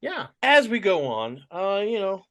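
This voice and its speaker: A man's voice: high-pitched, huge pitch swings, measured pace, bright, forceful tone, no echo. A man co-hosting a podcast, chatting casually and joking with many fillers. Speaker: podcast co-host.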